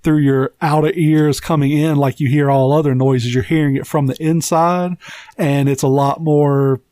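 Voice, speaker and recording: A man's voice: fairly high pitch, fairly even intonation, moderate pace, dark tone, no room sound. A man in his thirties co-hosting a podcast, a rambling, profane storyteller with a slightly nasal voice and a faint southern twang. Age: 30s. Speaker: podcast co-host. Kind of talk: casual chat.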